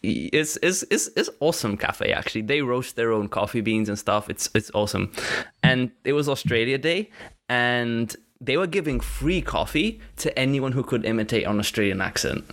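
A man's voice: medium pitch, expressive, normal speed, a bit bright. A young man hosting a podcast, chatting in an enthusiastic, hesitant way with frequent laughs. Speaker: podcast host. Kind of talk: casual interview chat.

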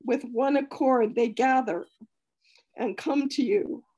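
A woman in a study group reading scripture aloud slowly and with feeling over a video call. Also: on the high side, dark tone, poor audio. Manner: slow, careful, heartfelt reading.

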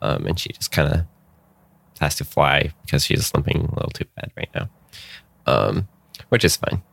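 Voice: extremely low pitch, lively intonation, moderate pace, gravelly, a bit bright, dry recording. A game master narrating a tabletop game, giggly and rambling with many fillers.

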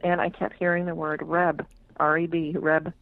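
A woman's voice: deep voice, flat delivery, normal speed, vocal fry, dry recording. Frank woman storyteller on a tinny line. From United States. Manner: frank, swears freely, acts out quoted voices. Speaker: tarot reader, guest. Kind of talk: casual storytelling interview. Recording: tinny phone-like radio line.

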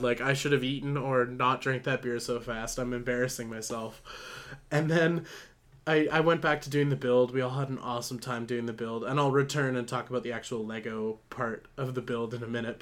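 A young man chatting on a podcast, his story spilling out in loose, meandering sentences. He pokes fun at himself, drops plenty of "like"s and curses freely, with a mid-range voice. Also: medium pitch. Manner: rambling, self-mocking, heavy on "like" and swearing. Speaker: podcast co-host. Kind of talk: casual storytelling chat.

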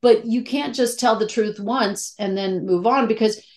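A woman's voice: on the high side, normal speed, a little mellow. A middle-aged woman, an actress, talking candidly and emotionally in a casual interview, with many fillers and restarts. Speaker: actress guest.

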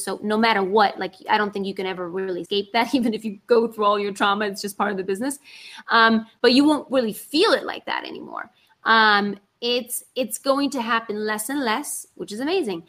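An actress chats casually in a slightly high voice, animated and lively. She talks in rushes and acts out her own inner voice.

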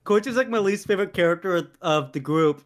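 A young man co-hosting a casual podcast chat. He rambles loosely and leans on fillers, and his voice sits a little on the high side. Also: fast talker. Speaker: podcast co-host.

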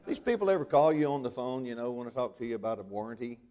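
A man's voice: mid-range voice, animated, racing, crowd noise. An older man from the American South with a Southern Alabama accent, preaching a folksy revival sermon. He is humble and chatty and chuckles as he tells stories. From Southern United States. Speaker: visiting evangelist preacher. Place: church sanctuary.

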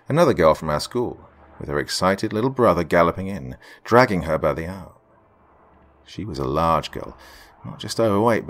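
A man reading a first-person story aloud in an expressive, dramatic way. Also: low voice. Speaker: narrator.

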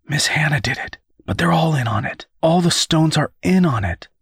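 Casting: a man doing a scared teen boy, raised pitch, urgent and breathless, husky edge, dry close sound. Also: a little slow, dry recording. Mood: tearful. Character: anxious teenage boy, son in danger.

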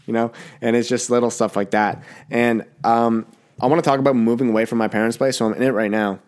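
A man's voice: mid-range voice, steady tone, quick pace, darkish tone. A young man hosting a casual solo podcast, talking bluntly and rambling with swearing, a little sick. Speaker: podcast host.

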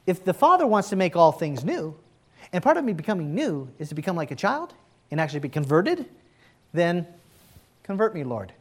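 A male pastor delivering a sermon in a lively, swooping voice that rises and falls freely. He talks to the congregation conversationally, drawing them into call-and-response. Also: high-pitched, fairly quick.

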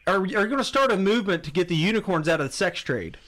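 A man co-hosting a podcast speaks with a high, bright voice. He is playful and jokey, often breaking into laughter. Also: expressive, fast talker. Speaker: podcast co-host. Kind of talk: casual podcast conversation.

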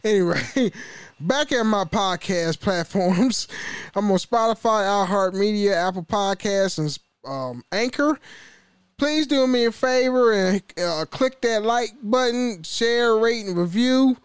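Man, podcast host, high voice, dry close sound, casual, cursing, stumbles over words. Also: unhurried, clear, resonant tone, no room sound. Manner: loose, profane, stumbling and self-correcting.

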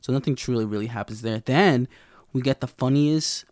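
A man's voice: mid-range voice, normal speed, darkish tone, dry recording, studio quality. Young man casually recapping a TV episode. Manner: rambling, profane slang, lots of fillers. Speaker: TV recap vlogger.

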